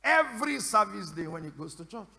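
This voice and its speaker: A man preaching a sermon as pastor, questioning the congregation again and again in call and response and breaking into shouted prayer. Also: high voice, very animated, fairly quick, creaky. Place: church service. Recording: echoey church hall.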